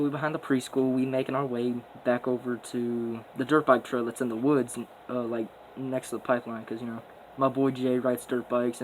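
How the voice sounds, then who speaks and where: A man's voice: mid-range voice, slight background noise, low-quality recording. A young man casually telling a story in profane, boastful street slang, rambling as he goes.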